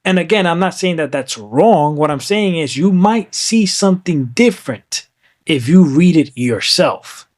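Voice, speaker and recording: A man's voice: a little high, animated, a little slow, no room sound, clean studio sound. A man in casual podcast conversation, talking emphatically and often checking in with "right?", sometimes slipping into Spanish. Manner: switches into Spanish at times.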